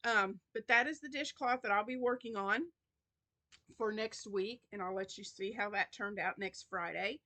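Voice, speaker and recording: A woman's voice: mid-range voice, normal speed, bright, forceful tone. A woman hosting a crochet channel in a casual vlog, chatty and rambling with many restarts, tired and yawning.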